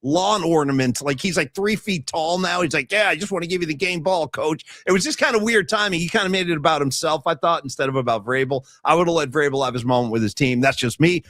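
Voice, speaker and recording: A man co-hosting a sports talk stream, rambling and animated as he riffs on viewer comments. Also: on the high side, fast talker, hardly any pauses, no room sound, clean studio sound. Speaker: podcast co-host. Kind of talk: casual sports chat.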